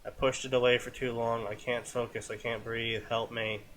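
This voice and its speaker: A frightened teenage girl gasping out short, broken lines, read aloud by a man in a soft, halting voice. The tone is bright and a little pinched. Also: mid-range voice, little pitch movement, a little hiss or hum, voice pushed down, close to an everyday voice, low-quality recording. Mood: panicked. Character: anxious teenage girl in a panic.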